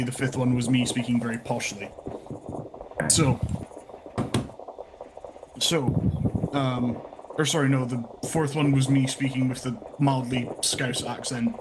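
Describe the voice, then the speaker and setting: A man's voice: medium pitch, noisy background. A man acting as game master, giving a rambling out-of-character recap of the story and correcting himself as he goes. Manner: rambling, self-correcting explanation.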